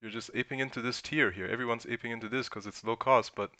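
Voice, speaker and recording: A man's voice: medium pitch, fairly even intonation, fast, pushed and bright, no room sound. A man chatting casually on a live stream, thinking aloud with restarts as he points at a chart.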